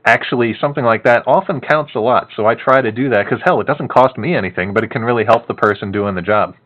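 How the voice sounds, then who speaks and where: A man casually telling a long story to a co-host, animated and laughing often, with many fillers. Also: medium pitch, quick pace, muffled recording.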